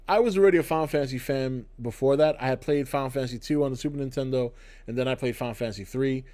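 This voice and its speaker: A man's voice: mid-range voice, darkish tone. Blunt ranting middle-aged man. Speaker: channel host. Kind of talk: opinionated video commentary. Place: indoors, to camera.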